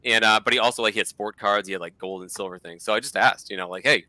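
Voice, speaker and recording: A man's voice: fairly low pitch, fast talker, sharp tone, no echo. A man with a Boston accent chatting casually as a guest, rambling and full of fillers. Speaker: guest collector. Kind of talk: casual chat.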